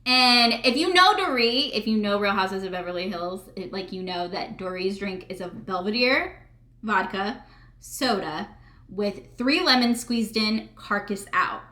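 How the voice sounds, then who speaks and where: A woman's voice: mid-range voice, lively intonation, measured pace, pushed and bright. A young woman recapping a reality TV episode in casual chat, full of "like" fillers. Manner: chatty, filler-heavy with frequent "like". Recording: echoey room.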